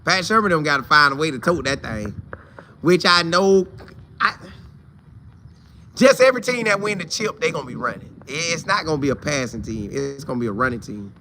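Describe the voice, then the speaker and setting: A man hosts a loose, chatty live show, reading out viewers' comments and greeting them one by one. His voice sits a bit high and rings very bright. He leans on repetition, saying a line twice to drive it home. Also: expressive, moderate pace, slight background noise. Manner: greets viewers by name, repeats phrases for emphasis. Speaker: host of a college football fan show.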